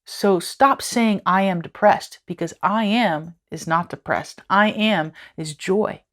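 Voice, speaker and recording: A woman's voice: medium pitch, slow, a bit bright. A woman teaching a devotional lesson in an earnest, conversational way, repeating phrases for emphasis.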